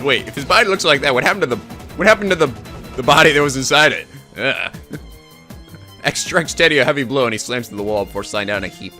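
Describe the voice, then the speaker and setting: A man hosting a let's play, reading the game's text aloud with animated, laughing asides. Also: medium pitch, quick pace, soft background music.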